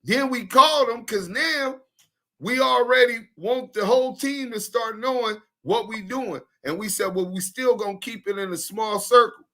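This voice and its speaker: A fairly high, bright male voice with a forceful edge. He co-hosts a podcast in casual talk, addressing people bluntly and confronting them with street slang. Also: normal speed. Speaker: podcast co-host.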